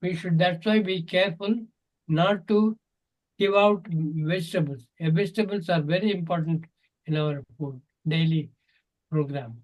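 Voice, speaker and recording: A man's voice: a little high, moderate pace, rough recording. An older man with an Indian English accent, a natural health teacher telling stories earnestly and acting out the dialogue. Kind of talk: storytelling advice in an online Q&A.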